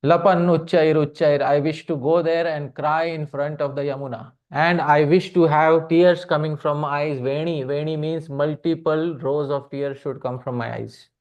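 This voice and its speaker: A man's voice: fairly high pitch, fairly even intonation. Man teaching a devotional scripture class. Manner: keeps addressing the audience as dear devotees, asks them questions; chants verses slowly, then translates. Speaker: speaker giving a scripture class. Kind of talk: devotional lecture on poetry. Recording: slightly muffled recording.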